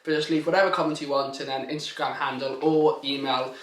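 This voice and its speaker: A man's voice: fairly high pitch, steady tone, brisk, a bit bright. Easygoing young man in a roomy echo. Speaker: vlogger. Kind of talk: casual chat. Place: living room sofa.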